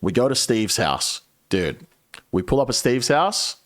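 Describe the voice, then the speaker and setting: A man's voice: medium pitch, sing-song, measured pace, a bit bright. A male streamer telling a rambling, profane story to his viewers in a casual, chatty way.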